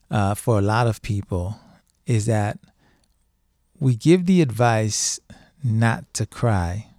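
Slow-talking man, mellow and dry. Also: fairly low pitch, no echo. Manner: conversational, emphatic, repeats phrases for stress. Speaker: podcast host speaking on divorce and grief. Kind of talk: casual monologue.

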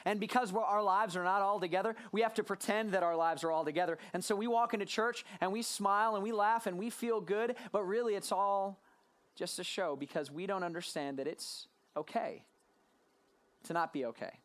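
A pastor preaching a sermon to a live congregation, talking in a sarcastic way with quick asides. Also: medium pitch, fairly bright tone.

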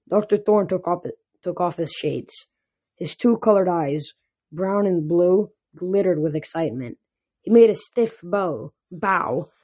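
A reader narrating a fantasy novel in first person, in the manner of a home audiobook. The reader stumbles now and then and restarts words, but keeps a steady storytelling voice. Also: mid-range voice, slightly rough.

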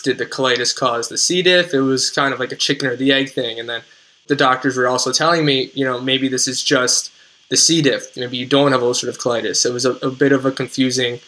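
A man in his twenties from New Jersey with a New Jersey accent, telling his story as a podcast guest in an earnest, measured way. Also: mid-range voice, sharp tone, low-quality recording. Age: 20s. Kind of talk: podcast interview.

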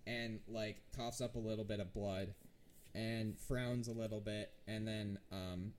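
A man's voice: fairly low pitch, steady tone, unhurried, a little hiss or hum. A man narrating a tabletop game as game master, talking casually with frequent restarts. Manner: hesitant, many restarts and fillers.

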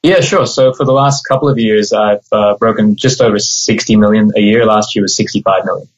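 A man's voice: on the low side, steady tone, fairly quick. Australian man on a dull lo-fi line. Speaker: mortgage broker guest. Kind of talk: casual interview.

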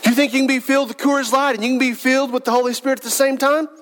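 A man's voice: very high voice, fairly even intonation, racing, fairly bright tone, a little hiss or hum, rough recording. A male pastor preaching a sermon in a conversational style, with rhetorical questions, humorous asides and repeated emphatic lists.

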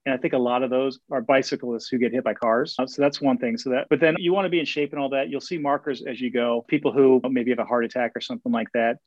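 A man telling stories as an interview guest, eager and quick, often repeating words as he restarts sentences. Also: medium pitch, fairly even intonation, no echo. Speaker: guest, Camino walker and author. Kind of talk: casual interview storytelling. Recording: dull, dry lo-fi sound.

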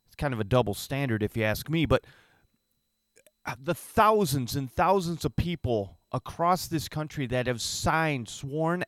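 A man's voice: on the high side, no echo, studio quality. A man giving emphatic, opinionated political commentary.

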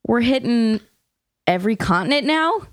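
A woman's voice: on the high side, expressive, moderate pace, no echo, studio quality. A woman co-hosting a church podcast, giving chatty, upbeat announcements with frequent giggles. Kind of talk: casual podcast chat, announcements.

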